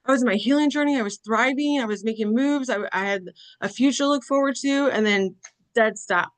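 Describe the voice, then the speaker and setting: A woman's voice: a little high, a little fast. A middle-aged woman giving a motivational talk on grief, speaking candidly and conversationally, often checking in with "right?" and "okay?". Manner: candid, self-deprecating storytelling. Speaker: conference speaker.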